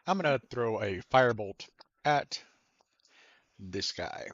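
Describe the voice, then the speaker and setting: A man's voice: lowish voice, lively intonation, takes it slowly, a bit bright, dry recording, lo-fi sound. A man playing a tabletop game, talking in an easygoing, casual way. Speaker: player.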